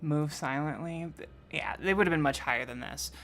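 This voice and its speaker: A woman's voice: low-pitched, fairly quick, a bit bright. A woman narrating as game master of a tabletop game, hesitant and full of fillers.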